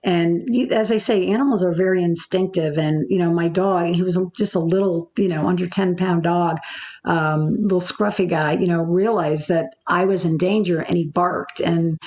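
A woman with a slightly low voice recounts a frightening personal story as an interview guest. She speaks haltingly, circling back with fillers and restarts. She is a business coach. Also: fairly even intonation, a little mellow.

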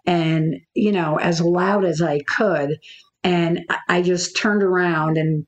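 A woman with a slightly low voice recounts a frightening personal story as an interview guest. She speaks haltingly, circling back with fillers and restarts. She is a business coach. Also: steady tone.

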